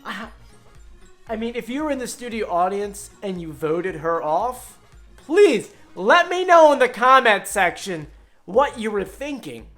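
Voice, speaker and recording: A woman vlogger giving an excitable, casual recap commentary, full of quick asides. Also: medium pitch, soft background music.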